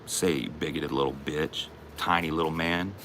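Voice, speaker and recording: A low-voiced man with a sharp, forceful tone rants in profane, taunting bursts. He is confrontational and loud in his delivery, as a comedy host goading someone, with a faint hum of room ambience behind him. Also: steady tone, normal speed. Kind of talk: aggressive comic rant.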